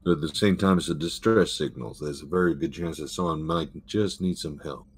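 A man's voice: a bass voice, a little fast, slightly rough. A man playing a ship captain in a tabletop game, talking to his crew in a mock-authoritative, rallying way. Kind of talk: in-character tabletop banter.

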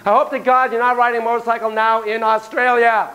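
A man lecturing a class, telling stories in an animated, playful way and acting out sound effects. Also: very high-pitched, fast, low-quality recording.

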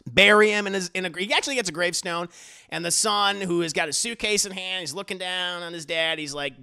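A man recapping a TV episode in a profane, excitable way. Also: high voice, fairly quick, gravelly, smooth. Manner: profane, excitable, laughs often. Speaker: TV reviewer.

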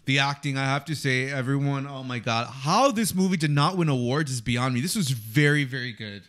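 A man co-hosting a movie reaction, relaxed and casual, mostly giving short agreeable answers. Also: mid-range voice, a little fast. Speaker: reaction co-host. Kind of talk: casual chat.

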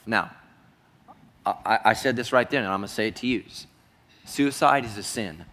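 Earnest pastor in an echoey church hall. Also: male voice, lowish voice, normal speed, pauses often. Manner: earnest, dropping to a hushed voice for heavy moments. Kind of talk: sermon storytelling.

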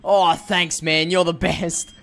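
A young man giving comedic gameplay commentary, excitable and jokey, talking back to the characters on screen. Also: a little high, slow. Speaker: gaming youtuber.

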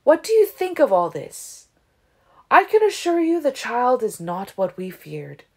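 A woman's voice: fairly high pitch, wildly swooping pitch, unhurried, breathy edge, voice pushed up, full character voice. A woman reading as a silken ancient vampire lord. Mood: smooth, condescending. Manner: tolerant, silken, falsely gentle. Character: ancient smooth-talking male vampire leader. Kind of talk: audiobook character reading.

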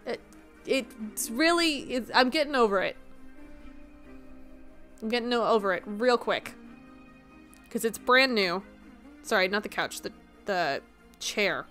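A woman's voice: on the high side, expressive, fairly bright tone, soft background music. Chatty, giggly woman streamer. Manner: chatty, giggly, quick to riff on jokes. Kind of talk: casual chat with stream viewers.

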